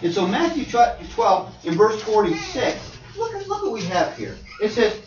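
A male preacher giving a sermon, animated and conversational, swinging from loud to quiet. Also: high-pitched, normal speed, hardly any pauses. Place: church hall. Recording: dull, roomy, distant church hall.

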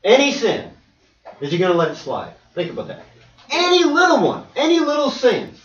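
Animated high-voiced male preacher. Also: normal speed. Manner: animated, acts out voices and dialogue. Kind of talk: sermon. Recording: echoey hall, distant dull mic.

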